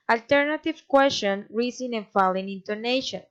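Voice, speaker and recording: A woman reading pronunciation practice sentences aloud, with slow, deliberate, exaggerated intonation. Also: a little high, fairly bright tone, clean tone, lo-fi sound. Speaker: student reading pronunciation drills.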